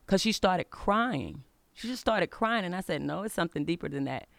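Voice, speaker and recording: Bright-voiced woman preaching on a podcast. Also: lowish voice, animated, normal speed, vocal fry, dry recording. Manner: earnest, conversational storytelling that builds to exhortation. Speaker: podcast host. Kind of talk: faith-based podcast talk with personal story.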